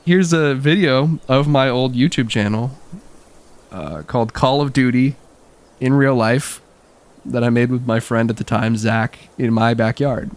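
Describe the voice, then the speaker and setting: A man's voice: medium pitch, unhurried. A young man telling a childhood story in a wry, casual way, laughing often.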